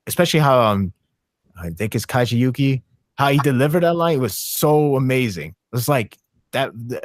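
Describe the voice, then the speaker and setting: A man talking casually on a podcast, excitable and rambling, with frequent restarts and fillers. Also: mid-range voice, no room sound, studio quality. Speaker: podcast co-host.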